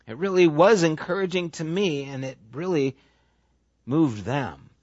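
A man's voice: a little high, unhurried, darkish tone, no room sound. A man preaching a sermon in a conversational way, often acting out the voices he quotes. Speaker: pastor. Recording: dry, dull lo-fi sound.

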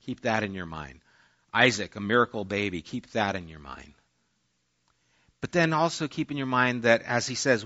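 Bright-voiced man preaching a sermon. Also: on the low side, lively intonation, moderate pace. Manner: conversational preaching, acting out quoted voices. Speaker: pastor. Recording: dull lo-fi sermon audio.

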